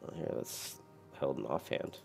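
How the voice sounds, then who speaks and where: A man's voice: normal speed, darkish tone, soft background music. A very tired man rambling through casual gameplay commentary, with lots of fillers and restarts. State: very tired, yawning.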